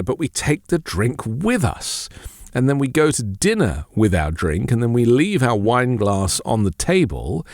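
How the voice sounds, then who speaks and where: A man's voice: medium pitch, a little mellow, no echo, clean studio sound. A man hosting a casual podcast, chattily handing out tips with enthusiasm. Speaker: podcast host.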